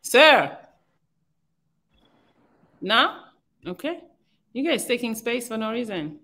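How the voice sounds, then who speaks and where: A woman with a fairly high voice hosts a live call-in chat at an unhurried pace. She teases her guests and laughs often. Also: big pitch swings, creaky, pushed and bright. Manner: laughing, teasing. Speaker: host.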